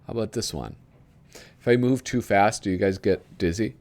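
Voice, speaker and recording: Flipping through a magazine for a casual video, the host reads aloud and rambles about what he finds, chuckling frequently. His voice is lowish and a little mellow, at a moderate pace.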